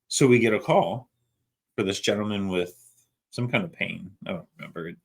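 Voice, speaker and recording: On a laid-back podcast, a middle-aged co-host with a fairly low voice tells a story from his time as a paramedic. He talks a little fast with a creaky, breathy edge, keeping things loose and anecdotal and swearing freely.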